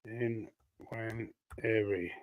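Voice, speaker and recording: A slow, steady, fairly low voice belongs to a Cockney-accented Londoner chatting on a football fan stream. He reads viewer comments, thinks aloud and rambles with fillers, all while coughing and sounding a bit choked, in a dry recording.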